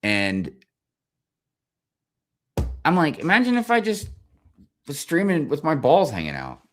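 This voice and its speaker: A man ranting as a streamer, swearing constantly, animated and exasperated. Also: a little high, unhurried, slight background noise. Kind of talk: profane comedic rant.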